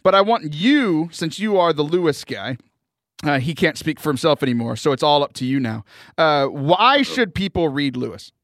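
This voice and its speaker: American male host, higher voice, dry sound, jokey and chatty. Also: lively intonation, normal speed, a bit bright, dry recording. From United States. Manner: chatty, jokey, stumbles over starts. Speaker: podcast host. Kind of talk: casual interview chat.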